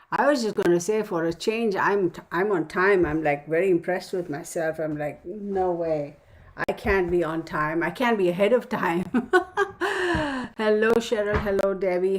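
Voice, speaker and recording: A woman's voice: mid-range voice, rough recording. A woman hosting a casual live stream from home on a phone, chatty and muttering to herself as she sets things up. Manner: chatty, mutters to herself while fiddling with setup. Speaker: livestream host.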